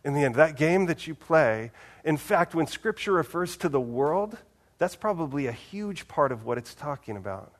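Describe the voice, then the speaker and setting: Casual, animated male preacher. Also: on the high side, normal speed. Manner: casual and animated, with big swings in loudness. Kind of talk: conversational sermon.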